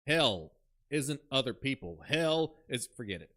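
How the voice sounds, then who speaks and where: A man's voice: mid-range voice, unhurried. A man streaming a horror game, chatting casually and telling jokey stories, mimicking people as he goes. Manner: animated, jokey storyteller who mimics people. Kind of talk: casual gaming commentary.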